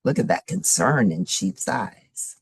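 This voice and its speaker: Slow, gravelly woman reading a storybook. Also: a bass voice, lively intonation, dry recording, clean studio sound. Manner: warm asides to young listeners. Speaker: storybook reader. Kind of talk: reading a picture book aloud to children.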